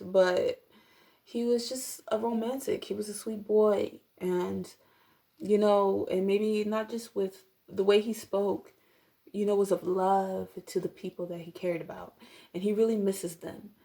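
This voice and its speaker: Rambling woman with a gravelly voice. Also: medium pitch, warm tone. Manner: rambling, filler-heavy, apologetic asides. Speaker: tarot reader. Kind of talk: casual tarot reading vlog.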